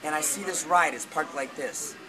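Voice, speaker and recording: A man telling a long story in casual, rambling talk, with lots of swearing and animated retellings of what people said. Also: on the high side, moderate pace, crowd noise, low-quality recording.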